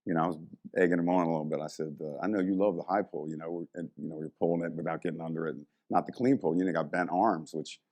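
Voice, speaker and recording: A man's voice: low-pitched, rapid-fire. A middle-aged man, a former strength coach, telling stories in a casual interview and acting out the people in them. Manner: animated storyteller, acts out quoted voices.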